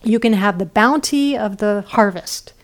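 A woman's voice: mid-range voice, unhurried, close to an everyday voice. A woman voicing a grieving underworld queen who moans theatrical laments. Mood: relieved, generous.

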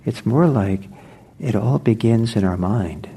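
A man gives a meditation teacher's dharma talk in a low, mellow voice with a husky edge. He speaks very slowly and reflectively, pausing often and circling back to restart his thoughts. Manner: unhurried, reflective, with frequent pauses and restarts. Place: meditation center.

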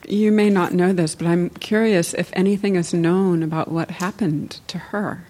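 A woman with a low, mellow voice poses a polite question from the audience. She sounds distant from the microphone. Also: fairly even intonation, moderate pace. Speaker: audience member asking a question.

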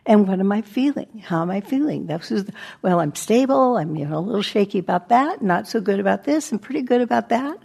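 A woman teaching meditation in a relaxed, conversational way. Her voice is husky with a gravelly edge, and now and then it sinks to a near-whisper. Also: medium pitch, a little fast, few pauses. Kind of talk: dharma talk. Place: meditation center talk.

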